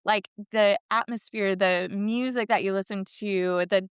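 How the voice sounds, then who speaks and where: A middle-aged woman, a fitness and wellness coach, telling a personal story in a casual interview, chatty and animated, acting out the voices she quotes. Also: medium pitch, unhurried, clear, resonant tone, no echo, clean studio sound.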